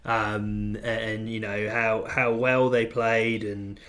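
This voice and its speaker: A man co-hosting a casual football podcast, making measured, hesitant arguments. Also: fairly low pitch, little pitch movement, fairly bright tone. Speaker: podcast co-host. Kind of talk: casual chat.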